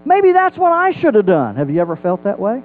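A man with a high voice teaching a Bible sermon in an animated way, asking his listeners rhetorical questions. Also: fairly quick, narrow, tinny audio, soft background music. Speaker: preacher.

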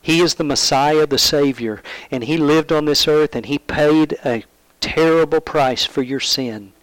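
A man preaching a sermon, retelling a Bible story in a storytelling manner, asking the listeners questions and dropping to hushed tones. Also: on the high side, measured pace, dry recording, low-quality recording.

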